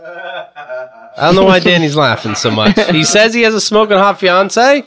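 A man's voice: high voice, expressive, moderate pace, fairly bright tone. A man co-hosting a casual podcast, ranting with a lot of swearing and frequent laughter. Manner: profane, ranting, laughs often. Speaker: podcast co-host.

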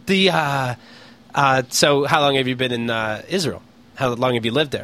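A man's voice: medium pitch, normal speed, pushed and bright, a little hiss or hum. A man from Pennsylvania co-hosting a podcast, telling an exasperated, profane story in casual comedic chat. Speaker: podcast co-host.

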